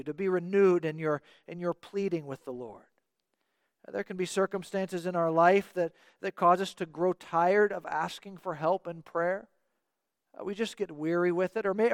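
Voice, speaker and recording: Man, pastor, sermon, earnest, repeats phrases, high-pitched, dry. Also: no room sound. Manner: earnest, repeats words for emphasis.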